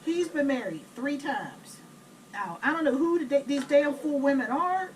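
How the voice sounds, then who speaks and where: A middle-aged woman telling blunt, animated family stories while she cooks at home. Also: high voice, normal speed. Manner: blunt, chatty, animated retelling. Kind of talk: casual storytelling while cooking. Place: home kitchen. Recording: distant camera mic, noisy kitchen.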